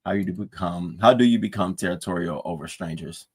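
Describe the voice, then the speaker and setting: Animated man gossiping casually on stream. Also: fairly quick, husky. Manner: animated storytelling, swearing, voice climbs high when excited. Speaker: streamer recapping live streams. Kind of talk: casual chat over breakfast.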